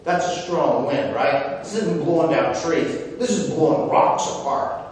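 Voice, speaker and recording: A man preaching a sermon, speaking deliberately and dropping to a hush when he reads whispered words. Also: on the high side, a little hiss or hum. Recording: echoey hall, voice from far off.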